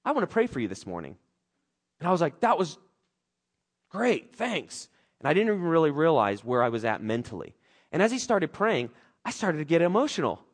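An earnest male pastor delivers a heartfelt sermon, his fairly high voice climbing with urgency and then dropping into quiet reflection. He speaks openly and emotionally, in a casual way. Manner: earnest, emotional, swings between loud urgency and soft reflection.

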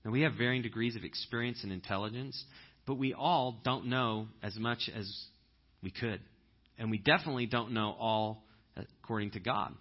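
A man preaching a conversational sermon, telling stories and breaking into loud animated impressions. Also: medium pitch, normal speed, muffled recording. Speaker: pastor.

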